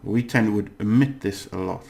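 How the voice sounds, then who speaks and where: A man's voice: fairly low pitch, a little fast, creaky, a little mellow. A man teaching a casual language lesson, chatty and self-correcting, laughing at his own slips.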